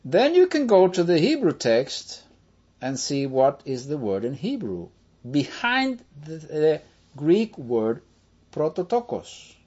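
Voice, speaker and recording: A man teaching a step-by-step screen-share lesson, slowly explaining and checking in with listeners. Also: fairly high pitch, wildly swooping pitch, darkish tone, breathy edge, lo-fi sound. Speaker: Bible teacher.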